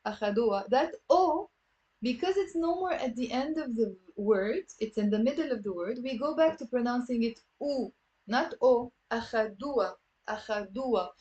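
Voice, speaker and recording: A woman with a Lebanese accent teaching a live online Arabic class, lively and encouraging, saying words slowly for her students to repeat. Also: sits high, lo-fi sound. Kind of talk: live online language lesson.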